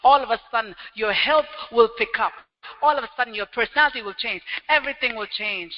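A man preaching a sermon as pastor, animated and acting out everyday scenes with quick little quoted voices. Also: extremely high pitch. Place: church hall. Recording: dull lo-fi sound with long hall reverb.

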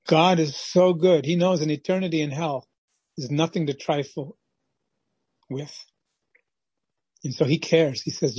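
A man's voice: on the high side, moderate pace, pauses often, a little mellow, husky, dry recording, dull audio. A male preacher giving a devotional sermon with passion, acting out the quoted voices of the people in his story. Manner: impassioned, acts out quoted voices of God and Cain.

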